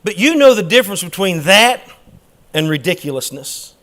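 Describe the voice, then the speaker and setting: A man teaching a church Bible class in a preaching style, emphatic and dropping quick humorous asides. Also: high voice, sing-song, pushed and bright.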